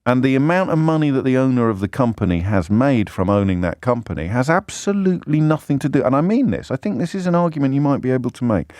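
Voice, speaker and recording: Animated man hosting a radio phone-in. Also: mid-range voice, fast talker, hardly any pauses, no echo, clean studio sound. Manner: animated, rhetorical, indignant questioning. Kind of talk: talk radio monologue. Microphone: studio microphone.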